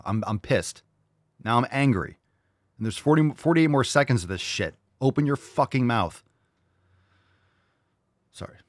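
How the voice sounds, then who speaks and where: A man's voice: mid-range voice, lively intonation, moderate pace, pauses often, dry recording, studio quality. A man hosting a casual reaction show, talking bluntly and sarcastically with plenty of swearing. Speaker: show host.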